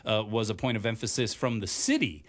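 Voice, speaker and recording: Halting male sports radio host. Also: on the low side, lively intonation. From Hawaii. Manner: halting, many "uh" fillers. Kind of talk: casual sports talk.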